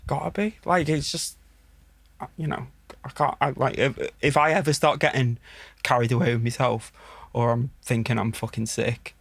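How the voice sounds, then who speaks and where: A man with a Merseyside accent chats as a podcast guest, telling stories in a laid-back, sweary way and laughing as he goes. His voice is a little husky and sits at an ordinary middle pitch. The sound is close and dry, with no room around it. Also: fairly even intonation, normal speed, no echo. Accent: Merseyside English. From Wirral, England. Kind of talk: casual storytelling chat.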